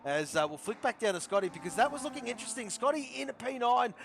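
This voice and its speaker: A man commentating a sim racing league, chatty and repeating himself, his voice hoarse and giving out. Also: extremely high pitch, big pitch swings, fast talker, a bit bright. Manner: chatty, repeats phrases, calls drivers by nicknames. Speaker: race commentator.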